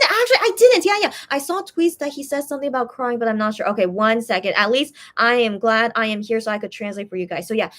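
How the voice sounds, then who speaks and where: A young woman chatting casually on a live stream, reading viewer comments and translating messages with frequent pauses and restarts. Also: mid-range voice, a bit bright. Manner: hesitant, many restarts while translating.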